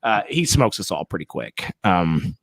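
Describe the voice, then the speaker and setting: A man's voice: low voice, a little slow, vocal fry, no echo. Guy on a podcast mic, chill rambling story, dry close sound. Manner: relaxed, rambling recap with fillers. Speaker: podcast host. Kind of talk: casual storytelling chat.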